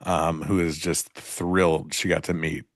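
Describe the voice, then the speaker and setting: A soft-spoken man co-hosting a trading show chats quietly and without fuss. His voice is very deep, and it is recorded dry, close to the mic. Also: level tone, a little slow, dry recording. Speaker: trader, show co-host. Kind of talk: casual chat.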